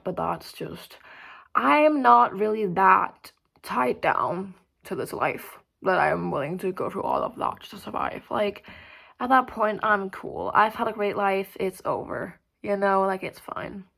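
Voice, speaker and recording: A young woman vlogging in a rambling, casual way, full of fillers and swearing, swinging between loud outbursts and mumbled asides. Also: mid-range voice, expressive, a little slow, vocal fry. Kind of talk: casual chat to camera.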